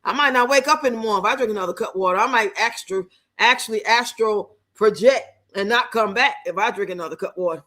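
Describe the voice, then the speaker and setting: A woman talks straight to her viewers on a live stream with a bright, cutting tone. She's blunt and salty, and she tosses out slang and jokes while she reads their messages aloud. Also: mid-range voice, fast talker. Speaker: livestreamer reacting to videos and reading chat. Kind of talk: casual live stream chat.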